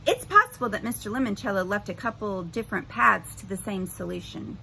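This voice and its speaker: A woman voicing a thoughtful teenage boy, measured. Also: mid-range voice, creaky, heavy background noise, close to an everyday voice.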